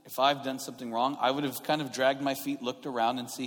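A man's voice: medium pitch, little pitch movement, fast talker, fairly bright tone. A man preaching a sermon in a conversational way, growing emphatic and often restarting his sentences. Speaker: pastor. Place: church sanctuary. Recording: long hall reverb.

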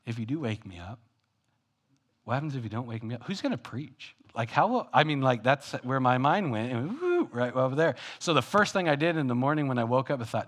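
A male pastor delivering a conversational, self-deprecating sermon, swinging between loud and hushed. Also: mid-range voice, expressive, fast.

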